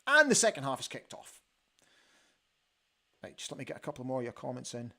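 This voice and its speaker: A Scottish man hosting a live football watch-along from a studio, reacting excitedly to the play and chatting about viewers' comments. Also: mid-range voice, brisk, gravelly.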